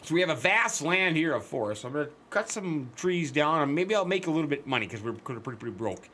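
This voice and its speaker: Folksy man with a bright voice. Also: on the high side, very animated, quick pace, a little hiss or hum. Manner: folksy, chatty storytelling with jokey asides and exclamations. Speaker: gaming channel host. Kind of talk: in-character let's-play commentary.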